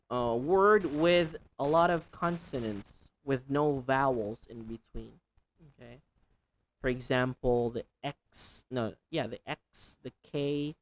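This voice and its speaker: A woman with an unusually deep, low voice teaches pronunciation at an unhurried pace. She repeats each word carefully and exaggerates every sound so learners can follow. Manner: slow, deliberate, repeats words with exaggerated enunciation. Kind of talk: pronunciation tutorial.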